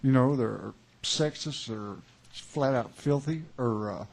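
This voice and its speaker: A man, chatting between songs at a small club show, rambling and halting with many pauses and wry chuckles. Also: medium pitch, creaky, a little mellow. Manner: wry, chuckling joke-teller. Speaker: singer-songwriter performing live. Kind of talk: onstage banter between songs. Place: small live music club.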